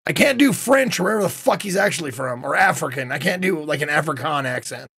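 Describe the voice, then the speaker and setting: Gravelly man in casual game commentary. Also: on the high side, lively intonation, a bit bright. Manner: casual, swearing, quick asides. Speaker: streamer. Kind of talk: casual let's-play commentary.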